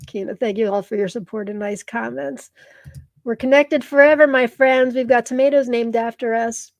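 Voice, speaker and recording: A woman's voice: on the high side, fairly even intonation, moderate pace, dry recording, muffled recording. A woman hosting a live stream in casual chat, gushing and reading viewer comments aloud, tearful at times. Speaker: live show host.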